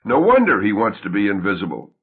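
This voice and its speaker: A man puts on a husky young wife from an audiobook play, her tone jumping high with feeling and swinging all over the place. She sounds tender, anxious and quick to get worked up. The sound is tinny and narrow, like it's coming down a phone line. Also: huge pitch swings, full character voice. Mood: exasperated.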